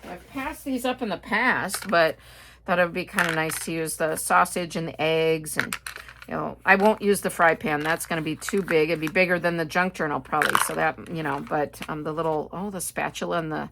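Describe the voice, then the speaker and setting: A woman's voice: low-pitched, a little fast, creaky, noisy background. A middle-aged woman with a Midwestern American accent, chatting casually through a shopping haul, rambling with lots of fillers and asides. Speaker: haul video host. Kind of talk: casual chat.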